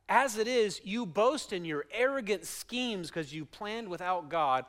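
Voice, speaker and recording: Male pastor, middle-aged, high-pitched, animated sermon delivery. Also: measured pace, few pauses. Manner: animated storytelling, emphatic preaching.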